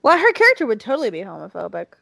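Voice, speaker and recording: A woman's voice: a little high, wildly swooping pitch, racing, gravelly, a bit bright, no echo. A woman with a Southern accent chatting casually as a podcast co-host, emphatic and full of restarts. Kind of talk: casual chat about wrestling.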